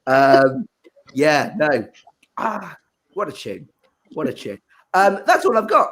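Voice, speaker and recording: Comedy compere, male, animated intonation, self-mocking and chatty. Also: on the high side, slow pace. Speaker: comedy show host. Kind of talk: online stand-up compering.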